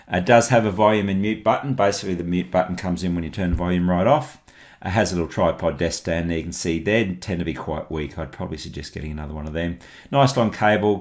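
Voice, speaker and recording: A man with a very low voice talks through microphones in a relaxed, chatty way. He thinks aloud as he goes, like a blogger walking viewers through his kit. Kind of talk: casual product walkthrough.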